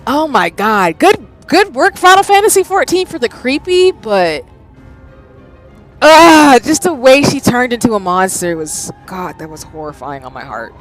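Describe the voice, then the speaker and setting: A woman in her thirties talks through a live game stream, her pitch leaping and dropping as she reacts. She bursts into loud exclamations, then settles back into chatting with her viewers. Faint game music runs under her voice. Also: very animated, a little slow. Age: 30s.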